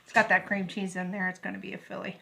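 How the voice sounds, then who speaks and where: A woman's voice: medium pitch, fast, vocal fry, slight background noise. Bubbly woman cooking at home. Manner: bubbly, gushing, easily excited. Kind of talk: casual cooking demonstration. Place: home kitchen.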